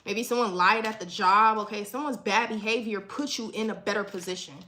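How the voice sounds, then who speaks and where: Speaking fairly quickly in a steady, mid-range voice that sounds pushed and bright, a woman gives an informal tarot reading on a livestream. She swears freely, repeats herself, and closes almost every line by asking "okay?"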